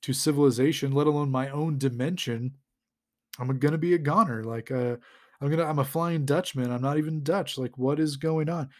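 A man's voice: a little high, fairly quick, close to an everyday voice. A man doing a frazzled stranded hero. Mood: despairing. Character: frazzled adult male teleporting hero, stranded.

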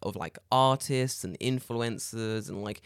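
Male podcast co-host, lively storyteller, dry close sound. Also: lowish voice, unhurried, clear, resonant tone, no room sound. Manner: animated storyteller, laughs often, acts out quotes. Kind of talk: casual chat.

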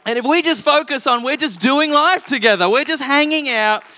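A man in his thirties preaching a sermon, telling stories in a lively, frank and self-deprecating way. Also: very high voice, normal speed. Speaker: pastor. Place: church auditorium. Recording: long reverb of a church hall.

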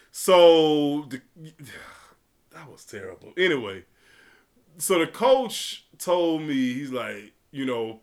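A young man telling a profane, animated story, swearing freely and shouting as it builds. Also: mid-range voice.

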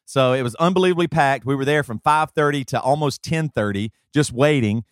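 A man's voice: medium pitch, fairly quick, dry recording, clean studio sound. Chatty man telling a long story. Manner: rambling, talkative storyteller with many fillers. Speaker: podcast co-host. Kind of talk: casual chat and host-read ad.

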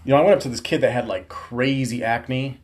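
Profane, animated man telling stories. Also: mid-range voice, fairly quick. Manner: profane, animated, slangy storytelling. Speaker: podcast host. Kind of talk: casual storytelling monologue.

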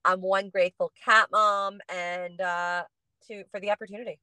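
A woman's voice: medium pitch, level tone, normal speed, pushed and bright, clear, resonant tone, dry recording. A woman speaking as a podcast guest from her car, chatting casually and filling her sentences with "like". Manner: chatty, heavy use of "like". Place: in a car, driving.

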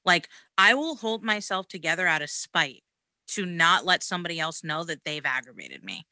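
A woman venting in casual conversation, outspoken and playfully annoyed. Her voice sits a little low for a woman yet sounds bright and forceful, and the recording is dry and close. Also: lively intonation, normal speed, no room sound. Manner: outspoken, playfully irritated, mimics people in high voices. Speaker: podcast co-host. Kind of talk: casual chat.

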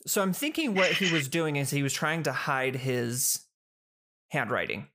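Brief: chatty host telling a case story, mid pitch, conversational, self-correcting. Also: expressive, measured pace, bright, forceful tone. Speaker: podcast host narrating a case. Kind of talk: casual storytelling narration.

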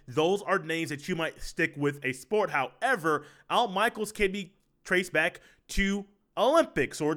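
A man's voice: on the high side, bright, forceful tone. A man hosting a solo sports podcast with a head cold, talking in a loose conversational way and repeating his phrases. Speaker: podcast host.

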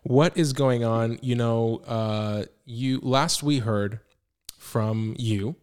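A man's voice: mid-range voice, slow pace, a little mellow, smooth. A man hosting a podcast, interviewing a guest in a playful, teasing casual chat. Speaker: podcast host.

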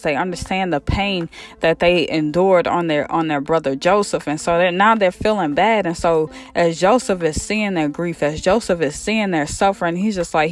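Guy telling a bible story all casual and animated, slangy, faint music under it. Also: sits high. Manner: animated, acts out quotes in slang, repeats himself. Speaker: podcast storyteller.

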